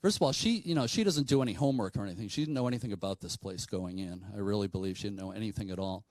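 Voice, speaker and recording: A man's voice: on the low side, rapid-fire, a little mellow, dry recording, poor audio. A man from New telling a ghost story to an audience in a conversational way, with frequent fillers and asides. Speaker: paranormal speaker.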